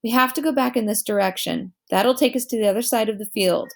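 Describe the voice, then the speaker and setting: A woman voicing a calm, brave schoolboy who talks casually and leads his friends. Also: on the high side, quick pace, vocal fry. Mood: excited. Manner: calm, casual, says "dude" a lot.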